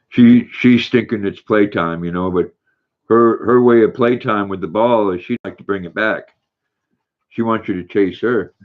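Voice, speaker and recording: A man's voice: fairly low pitch, a little slow, dull audio. An older man hosting a casual livestream, reading viewer comments aloud and cooing baby talk to his dog. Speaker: livestream host.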